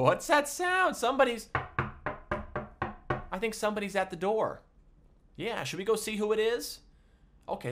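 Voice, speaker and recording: A man teaching a livestreamed music class for small children, talking in an animated, sing-song way. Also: sits high, slight background noise.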